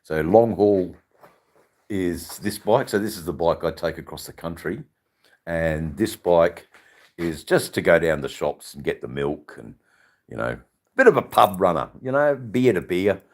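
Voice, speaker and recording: A very deep-voiced Australian man hosts a casual live stream. He rambles with viewers in loose banter and swears freely. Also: lively intonation, measured pace, darkish tone. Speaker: livestream host.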